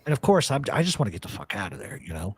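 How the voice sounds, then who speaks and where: Blunt, profane man with a husky voice. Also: on the low side, very animated, rapid-fire, dry recording. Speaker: radio show host. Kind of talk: casual chat, storytelling.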